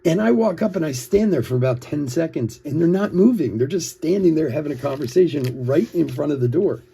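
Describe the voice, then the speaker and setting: On the high side yet dark and gravelly, this middle-aged man's animated voice moves at a brisk pace. He hosts a card-break livestream, chatting casually while opening cards, laughing a lot through his stories and calling out names between asides.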